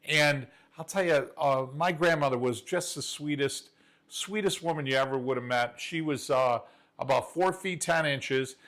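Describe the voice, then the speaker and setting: A man's voice: on the high side, moderate pace, a bit bright. A man hosting a cooking show from his kitchen, talking to viewers in an enthusiastic, folksy, chatty way. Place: home kitchen.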